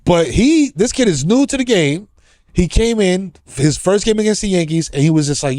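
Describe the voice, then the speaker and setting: A man's voice: sits high, animated, normal speed, a little mellow, no echo. A man hosting a podcast, talking casual and profane, laughing a lot and mimicking other people's voices. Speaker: podcast host.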